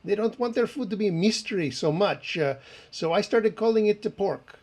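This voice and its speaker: A man voicing a fake chef with a put-on French accent, talking in halting bursts with many hesitations. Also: high voice, animated, a little mellow. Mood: sly. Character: fake French chef, middle-aged man, sly and smug. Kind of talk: improv comedy character.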